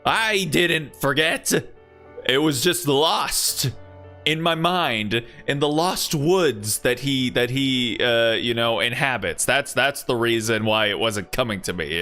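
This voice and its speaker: A man's voice: mid-range voice, sharp tone. A man streaming himself reading a story game aloud, breaking in with joking, self-deprecating asides to his chat.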